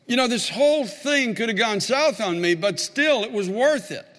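Male pastor, sermon storytelling, fervent and emphatic, high voice, long hall reverb. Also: fairly bright tone. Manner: builds to fervent, emphatic preaching.

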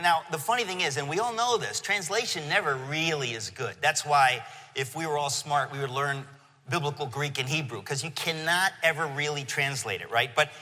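A middle-aged man preaching a sermon to a congregation, telling a story with animated emotion. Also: a little high. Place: church venue. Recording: long hall reverb.

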